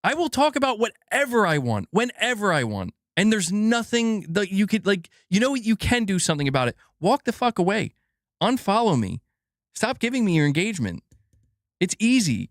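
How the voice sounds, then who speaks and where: A young man rants about gaming news in a lively, swooping voice that sits a little high for a man. He swears freely, laughs often and snaps back at his viewers. The sound is close and dry, with no room echo. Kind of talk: casual ranting commentary.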